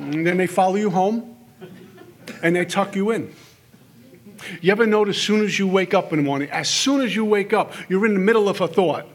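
A man's voice: high-pitched, a little hiss or hum. A middle-aged man speaking at a recovery workshop, telling stories and acting out the voices in his head for a live audience. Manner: storytelling, acts out inner voices with quick asides. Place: meeting hall with audience.

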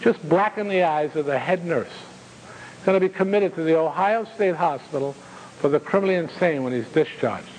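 A man voicing a brisk, wisecracking female hospital nurse. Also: on the high side, darkish tone, slight background noise, close to an everyday voice, low-quality recording. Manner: quick, wisecracking. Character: brisk, sharp-tongued hospital nurse, a woman.

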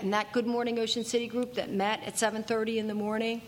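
A woman's voice: a little high, flat delivery, fast, a little hiss or hum. A woman giving a personal testimony at a recovery meeting, earnest and emphatic, repeating key lines for weight. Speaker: speaker sharing at a recovery meeting.

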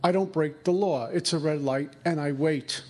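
A man's voice: fairly high pitch, normal speed, a little mellow, breathy edge. A man giving a conversational recovery talk, acting out inner dialogue. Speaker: recovery speaker.

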